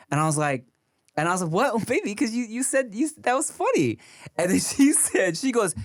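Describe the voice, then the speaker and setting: A man's voice: sits high, sing-song, moderate pace. A man co-hosting a podcast, telling a story in casual chat and laughing often. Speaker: podcast co-host.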